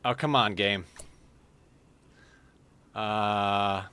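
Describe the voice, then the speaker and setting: A man's voice: steady tone, extremely slow, bright, forceful tone, a little hiss or hum. A man streaming a game and chatting casually, his voice a little sore from talking all day. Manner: coos to his cat in a high sing-song baby voice. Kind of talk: casual gaming stream chat.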